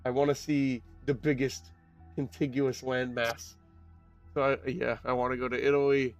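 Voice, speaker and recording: A young man streaming a game, chatting casually with his audience in an excitable, rambling way with quick laughs. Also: medium pitch, soft background music. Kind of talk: casual live-stream chat while gaming.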